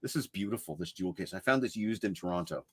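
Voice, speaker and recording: This co-host has a low, husky voice and talks fast, animatedly chatting about his CDs during a casual livestream. No room sound is audible.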